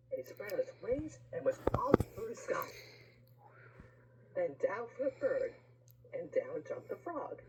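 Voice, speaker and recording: A woman reading a rhyming picture book aloud, with lively pauses and asides to the listener. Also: lowish voice, background noise.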